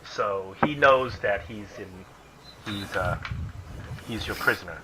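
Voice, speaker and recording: A man narrating as game master at a tabletop game, relaxed and full of fillers. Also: lowish voice, takes it slowly, background noise.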